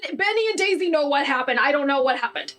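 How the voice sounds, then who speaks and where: A woman's voice: high-pitched, animated, fast talker, a bit bright, soft background music. A woman player in a tabletop game, giggly and eager to jump in. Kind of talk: tabletop role-play chat.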